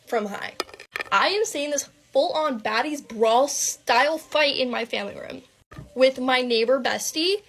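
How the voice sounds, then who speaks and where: A woman's voice: sits high, a bit bright. Dramatic young woman telling a story. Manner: fast and dramatic, full of "like" fillers and swearing. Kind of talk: casual storytime narration.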